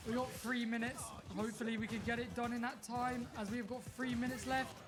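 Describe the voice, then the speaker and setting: A man, commentating a fighting game match at a high, lively pitch. He builds to shouts when play turns, with music playing underneath. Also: a little fast. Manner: excitable, shouting at big moments. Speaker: esports commentator. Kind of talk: live tournament commentary.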